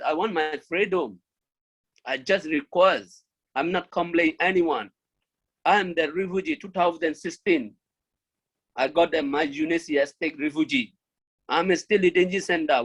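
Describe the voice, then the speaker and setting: Pleading man from Myanmar, halting English. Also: on the high side, a bit bright, low-quality recording. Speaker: refugee speaker. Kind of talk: speech at an online launch event.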